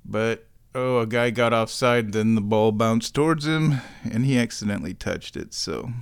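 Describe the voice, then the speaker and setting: A man's voice: lowish voice, moderate pace, gravelly, clear, resonant tone. Man narrating his chores at home. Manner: narrates his own chores step by step in a running commentary. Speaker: vlogger. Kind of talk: casual narrated vlog. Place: home, kitchen then downstairs.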